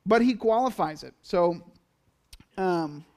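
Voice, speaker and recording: Pastor, male, higher-pitched voice, casual sermon delivery with playful acted-out asides. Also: slow. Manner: conversational, animated, acts out quotes in asides.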